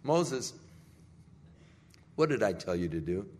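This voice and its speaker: A man's voice: lowish voice, big pitch swings, slow pace, a little mellow, heavily acted. A man voicing a stern but fatherly divine figure who speaks in a firm, reproachful way, in a sermon retelling. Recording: echoey hall.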